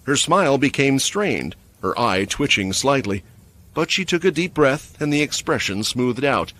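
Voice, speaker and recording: A man's voice: mid-range voice, sing-song, measured pace, a bit bright. A man giving scripted story narration for a fantasy comic recap.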